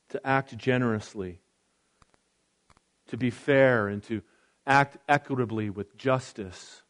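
A pastor preaching a conversational sermon, reading scripture aloud with casual asides. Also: male voice, lowish voice.

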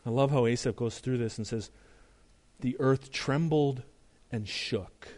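Preaching with emphasis, a middle-aged male pastor throws out rhetorical questions before easing into a soft, earnest delivery. His voice falls in the mid-range.

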